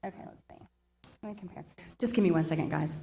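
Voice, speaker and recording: A woman's voice: lowish voice, fast, gravelly, mellow. A woman chairing a public meeting. She reads long lists of agenda numbers and apologizes often.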